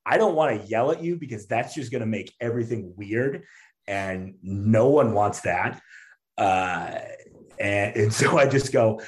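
A man's voice: fairly low pitch, a little slow. A man telling a story in casual chat, full of fillers and restarts, laughing often and acting out what people said. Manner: animated storyteller, acts out quotes, laughs often. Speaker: stand-up comedian guest.

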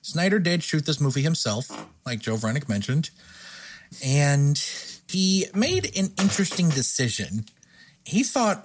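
Male podcast host, fairly high voice, lively pitch, blunt, profane, casual film chat. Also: a little slow. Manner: blunt, profane, self-correcting.

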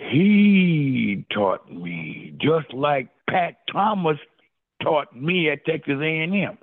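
An older man with a gravelly voice spins an animated story, his pitch swinging up and down as he keeps calling the host by name. He speaks slowly, and the sound is thin and phone-like. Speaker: interview guest, former football player. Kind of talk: storytelling in a casual interview. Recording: phone-like, lo-fi line.

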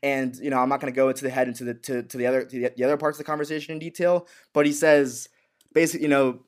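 A man's voice: medium pitch, flat delivery, racing. A man co-hosting a casual recap chat, rambling and repeating words as he acts out quotes. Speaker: podcast co-host.

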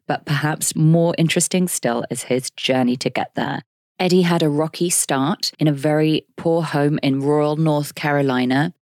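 Deep-voiced woman podcast host. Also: a little mellow, dry recording, studio quality. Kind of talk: podcast interview and scripted intro.

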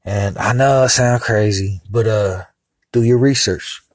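A man's voice: fairly low pitch, a little slow, dry recording. A man hosting a podcast in a casual, rambling monologue, heated and cursing now and then. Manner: rambling and heated, with vulgar asides. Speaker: podcast host.

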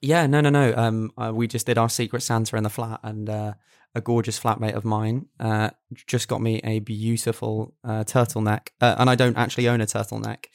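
Animated young man. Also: fairly low pitch, a little fast, gravelly. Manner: animated, repeats words when building a point. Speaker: podcast co-host. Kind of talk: casual football chat.

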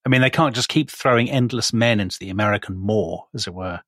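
A man's voice: lowish voice, fast talker, a bit bright, no echo. A man co-hosting a podcast, telling history in a chatty, teasing way. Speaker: podcast co-host. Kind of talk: casual history chat.

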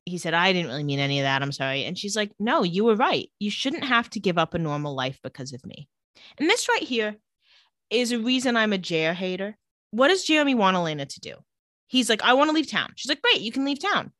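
A woman co-hosting a podcast, recapping a TV episode in casual chat and retelling scenes in a flat, lowered voice. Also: fairly quick, no room sound, clean studio sound.

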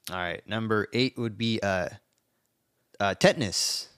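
A young man co-hosting a podcast, telling stories in a quick, profane, laid-back way. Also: on the low side, a bit bright, smooth, no echo, studio quality. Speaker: podcast co-host. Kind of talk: casual podcast banter.

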